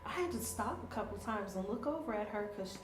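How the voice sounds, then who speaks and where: Lively storytelling woman in an echoey room. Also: medium pitch, brisk. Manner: lively, laughs often, acts out quotes. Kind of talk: animated storytelling in a casual chat. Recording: echoey room with faint noise.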